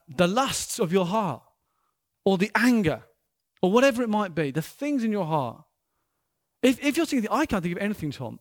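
A middle-aged man preaching a sermon as a pastor, conversational and full of rhetorical questions. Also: sits high.

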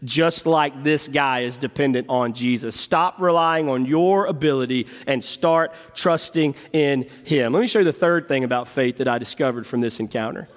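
A man's voice: medium pitch, moderate pace, few pauses, in a large hall. A man preaching a sermon in a church as pastor, emphatic and repeating key phrases. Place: church sanctuary.

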